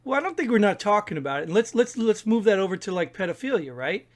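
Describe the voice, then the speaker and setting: High-voiced argumentative man. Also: very animated. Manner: argumentative, rapid bursts. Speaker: podcast co-host. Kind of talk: casual discussion.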